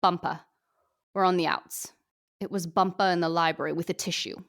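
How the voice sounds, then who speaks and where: A woman voicing a brash young female singer with a put-on Australian accent, talking bluntly and deadpan. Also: lowish voice, fairly quick.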